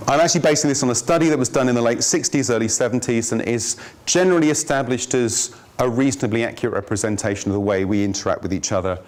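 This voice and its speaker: A man giving a business training workshop, lively and jokey, quizzing his audience. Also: mid-range voice. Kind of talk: workshop presentation. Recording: noisy room recording.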